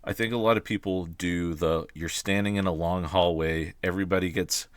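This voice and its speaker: A man's voice: low-pitched, fairly even intonation, moderate pace, smooth, dry recording. A man and game master talking casually on a podcast, thoughtful and often restarting his phrases.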